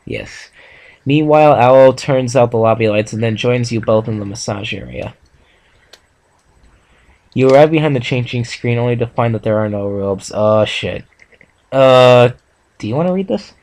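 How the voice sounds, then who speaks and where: A man's voice: mid-range voice, normal speed, pauses often, darkish tone, low-quality recording. A young man reading a fan story aloud with stumbles and joking asides between friends. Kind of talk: casual reading and reaction chat.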